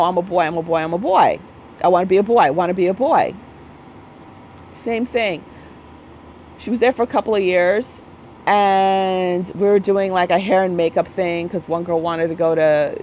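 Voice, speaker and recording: A woman's voice: fairly low pitch, a little mellow, slight background noise, rough recording. A woman in her thirties talking bluntly and emphatically in a casual monologue, repeating her points and often tagging on "okay?". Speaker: spiritual vlogger.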